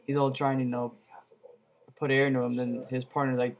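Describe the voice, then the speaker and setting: A man's voice: mid-range voice, level tone, brisk, a little mellow. A man giving a casual video movie review, rambling with lots of fillers and slang.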